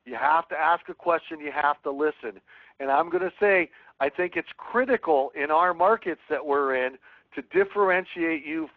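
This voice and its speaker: A man's voice: on the high side, moderate pace, no room sound. A man teaching a real estate sales webinar, coaching earnestly and reading sample phone scripts aloud. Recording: tinny phone-like line.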